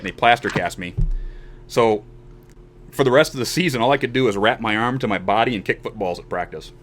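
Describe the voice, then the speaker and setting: A man's voice: fairly low pitch, fairly quick, a little hiss or hum. A man in his forties hosting a podcast and telling a long personal story casually, acting out the voices of the people in it. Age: 40s. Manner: animated storyteller who acts out quoted voices. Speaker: show host.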